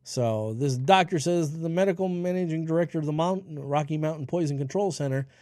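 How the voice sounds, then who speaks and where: A man's voice: on the high side, a little fast, darkish tone, no room sound, studio quality. A man in his forties hosting a health radio show, reading news headlines and breaking into sarcastic, ranting asides. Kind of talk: solo health news commentary.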